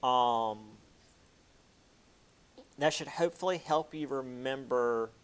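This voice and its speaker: A man's voice: medium pitch, takes it slowly, clear, resonant tone. A man giving a casual history lecture, chatty, with many fillers and playful quoted asides.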